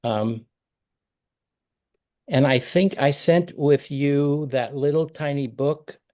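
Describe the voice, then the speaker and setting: A man's voice: on the high side, takes it slowly, warm tone. A middle-aged man coaching a parent over a video call, talking conversationally and acting out example phrases.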